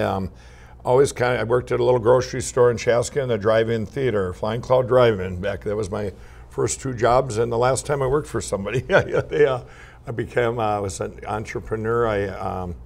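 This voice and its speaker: Gravelly-voiced man telling his story. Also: fairly low pitch. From Minnesota. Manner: rambling, animated anecdotes with laughs and restarts. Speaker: guest entrepreneur. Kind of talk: casual interview storytelling.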